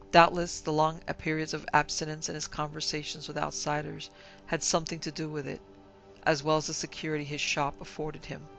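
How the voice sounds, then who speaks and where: Male narrator, horror reading, gravelly voice, fairly high, even and flat. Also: poor audio. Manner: measured, grave storytelling. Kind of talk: scripted horror story narration.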